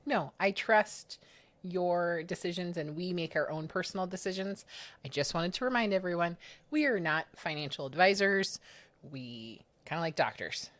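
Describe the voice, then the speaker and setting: Casting note: female co-host, casual chat, teasing, a bit low for a woman. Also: expressive, normal speed, a bit bright. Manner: playful, teasing. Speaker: livestream co-host.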